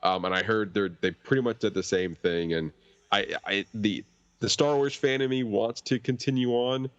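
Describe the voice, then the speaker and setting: A man chatting casually on a podcast in a measured, laid-back way, sometimes critical. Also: on the low side, clean tone, dry recording. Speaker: podcast panelist. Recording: dry, dull lo-fi mic.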